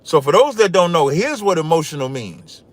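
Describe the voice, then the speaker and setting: A man hosting a livestreamed podcast, talking loudly and boastfully, trash-talking and reading scripture aloud. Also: fairly high pitch, sing-song, normal speed. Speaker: podcast host.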